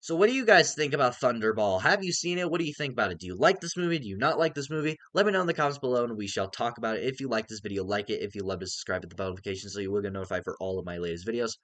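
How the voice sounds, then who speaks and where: A man's voice: medium pitch, lively intonation, rapid-fire, few pauses, fairly bright tone, no room sound. A young man giving a casual, exasperated movie review, swearing heavily as he rants. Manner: exasperated ranting, heavy swearing. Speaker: film reviewer.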